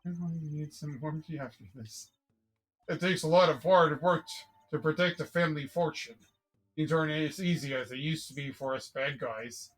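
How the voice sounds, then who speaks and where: A streamer putting on a proud old mob matriarch, dropping the voice low and cackling theatrically. She gloats over her family's crooked business, and a faint tune plays underneath. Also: moderate pace, faint music behind, natural voice. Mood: gloating. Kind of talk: voicing game dialogue on a live stream.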